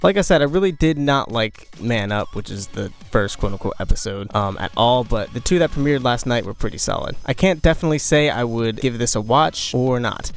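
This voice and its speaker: A young man in casual review mode, talking fast and getting his opinions out in a steady stream. His voice sits at an everyday middle pitch, and he drops in joking asides along the way. Soft music plays quietly behind him. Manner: opinionated, conversational, jokey asides. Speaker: cartoon reviewer, channel host.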